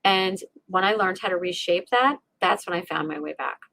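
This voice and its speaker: A lowish, creaky voice at a moderate pace belongs to a middle-aged resilience coach guesting on a podcast. She tells an emotional personal story with animation, acting out her inner voices and often restarting, with no room sound.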